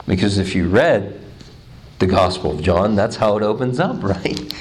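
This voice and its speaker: A man, a pastor, preaching a sermon, swinging between quiet low stretches and emphatic high ones, often repeating his first words. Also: very animated, normal speed. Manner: repeats words when starting phrases.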